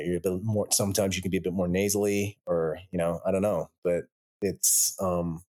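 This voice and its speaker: British guy guest, kinda low voice, stumbles and restarts a lot. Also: flat delivery, moderate pace, darkish tone. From England. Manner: rambling, many restarts and repeated words. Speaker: guest, actor and writer. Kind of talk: casual interview chat.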